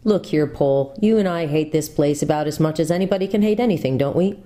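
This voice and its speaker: A woman's voice: sits low, fast, mellow, natural voice. A woman voicing an earnest schoolboy who talks a bit like someone starting a lecture, in a storybook reading.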